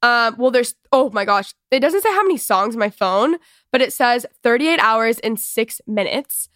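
A young woman from Texas hosts a chatty podcast, bubbly and rambling. Her voice sits fairly high. The sound is close and dry. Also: lively intonation, moderate pace, fairly bright tone, dry recording. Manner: bubbly, rambling, lots of "oh my gosh" and "like". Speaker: podcast host. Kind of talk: casual podcast chat.

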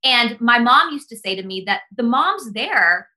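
Bright, impassioned young woman on a podcast. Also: a little high, expressive, unhurried. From United States. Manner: impassioned, earnest, heavy use of "like". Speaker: podcast guest. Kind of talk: casual podcast conversation.

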